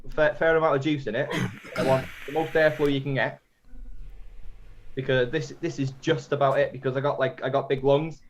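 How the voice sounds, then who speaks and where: A man's voice: mid-range voice, steady tone, brisk, a little hiss or hum. A man chatting casually about mixing vape juice, rambling and restarting his sentences. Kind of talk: casual chat. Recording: dull lo-fi audio.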